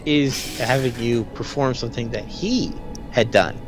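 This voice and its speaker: A man co-hosting a live game stream, chatting casually and explaining the game in halting, restarting bursts. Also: mid-range voice, over music. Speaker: stream co-host.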